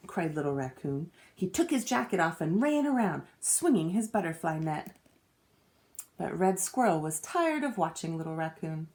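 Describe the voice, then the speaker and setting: A woman teacher reading a children's storybook aloud with expressive storytelling. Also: fairly low pitch, normal speed.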